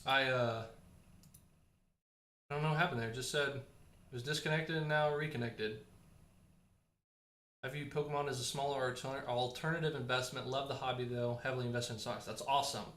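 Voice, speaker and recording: Male livestream host, casual and animated, mid-pitched, a bit hoarse, echoey room sound. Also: fairly quick, long pauses. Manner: chatty, animated, answers viewer comments. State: losing his voice.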